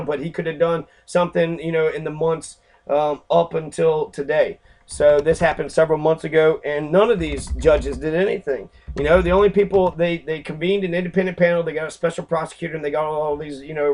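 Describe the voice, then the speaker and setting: Brief: man from Kentucky, angry civics vlogger, swears a lot, voice on the high side. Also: darkish tone, rough recording. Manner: profane, ranting, many fillers. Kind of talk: angry casual commentary.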